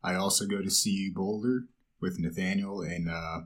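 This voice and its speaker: Low, husky-voiced man from Japan. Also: fairly even intonation, moderate pace. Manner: hesitant, asks questions before answering. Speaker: podcast guest. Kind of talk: casual podcast chat.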